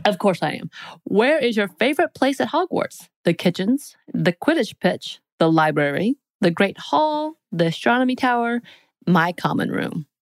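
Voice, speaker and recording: A woman's voice: mid-range voice, very animated, normal speed, no room sound. A woman co-hosting a podcast, reading out quiz questions in a playful, teasing way. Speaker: podcast co-host. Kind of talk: casual chat.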